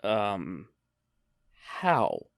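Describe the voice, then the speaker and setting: Male voice as weary store manager, soft low deadpan, hesitant. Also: extremely slow, vocal fry, no room sound, clean studio sound, full character voice.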